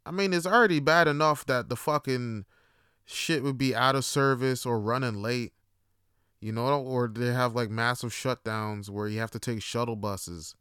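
A man rambles through a story, cursing freely and piling on fillers. His voice is smooth and resonant, of middle pitch, and it is recorded close and dry with no room echo. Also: moderate pace, a bit bright. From Toronto. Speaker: podcast host. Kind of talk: casual monologue.

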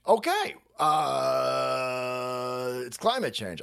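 A man hosting a livestream, ranting in a foul-mouthed, sarcastic and exasperated way and repeating words in rapid bursts. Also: a little high, expressive, gravelly. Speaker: livestream host. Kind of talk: profane livestream rant.

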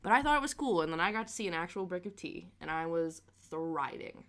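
A young woman from the Midwest, co-hosting a podcast in casual chat, telling stories in an excitable, giggly way. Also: lowish voice, a little fast. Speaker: podcast co-host.

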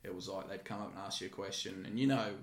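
An Australian man hosting a casual podcast chat, telling bouncer stories bluntly, with heavy swearing and animated delivery. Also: low voice, fast talker. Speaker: podcast host, former bouncer. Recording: echoey room.

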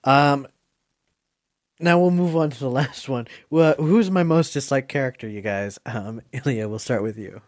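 A man hosting a casual movie quiz podcast, chatty and quick to laugh. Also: medium pitch, a little mellow, dry recording, studio quality. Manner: chatty, laughs often, gushing. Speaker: quiz host. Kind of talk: casual podcast game chat.

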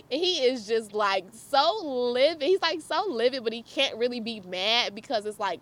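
Brief: young woman, casual storyteller, swooping lively voice, a bit high, laughs often, chats to viewers. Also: normal speed, few pauses. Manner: animated, laughs often, chatty asides to viewers. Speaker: vlogger.

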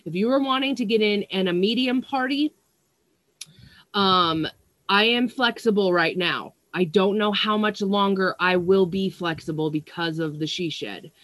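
A woman's voice: medium pitch, unhurried, a bit bright, no room sound. Rambling, swearing young woman vlogging. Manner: rambling and chatty, with frequent swearing and fillers. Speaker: psychic medium and astrology vlogger. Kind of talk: casual livestream chat. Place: small stuffy room at home with fans running. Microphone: earphone mic.

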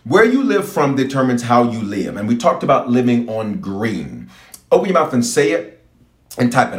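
A man's voice: medium pitch, big pitch swings, moderate pace, roomy sound. A man who is a bishop, preaching and praying with fervent call-and-response and lots of repetition. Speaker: bishop and pastor.

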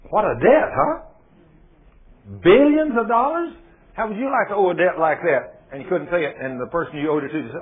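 A man preaching with a lively, swooping delivery, his pitch sitting a touch high. He keeps throwing rhetorical questions and acts out the dialogue of the story he retells. His slightly husky voice comes through a thin, phone-like radio broadcast. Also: brisk. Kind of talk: sermon.

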